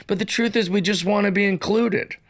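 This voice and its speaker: Rambling comedian telling a story. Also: male voice, high voice, fairly quick, no echo, clean studio sound. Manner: rambling, filler-heavy, animated storytelling. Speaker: comedian hosting his own show. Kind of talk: casual solo monologue.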